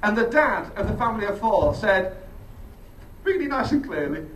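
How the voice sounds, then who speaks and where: A man doing stand-up, telling a sweary, animated story and laughing often as he goes. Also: high voice, moderate pace. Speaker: stand-up comedian. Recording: roomy, distant mic, crowd and noise. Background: audience laughter.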